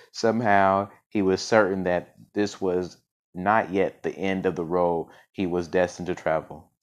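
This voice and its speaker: Man reading a storybook aloud, low voice, slow pace, stumbling and restarting often. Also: level tone. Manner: stumbling reading with frequent restarts and self-corrections. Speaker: podcast storyteller.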